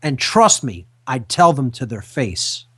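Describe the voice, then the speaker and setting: A man hosting a radio talk show, speaking emphatically and repeating key phrases slowly for effect. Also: medium pitch, sing-song, husky.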